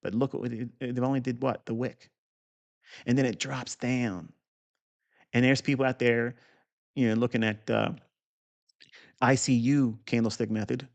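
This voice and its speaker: A gravelly man's voice at an average pitch, teaching a live trading lesson. He talks bluntly and swears, drifting into rambling asides before he comes back to the point. He sounds middle-aged. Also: steady tone, unhurried, long pauses, highs cut off. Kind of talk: unscripted livestream lesson.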